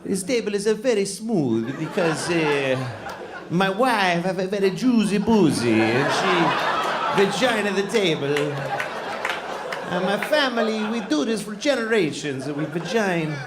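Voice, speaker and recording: A man's voice: sits high, very animated, a little slow, heavy background noise, voice pushed up. A man voicing a proud old Italian furniture maker who speaks boastful broken English. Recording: echoey club with loud crowd.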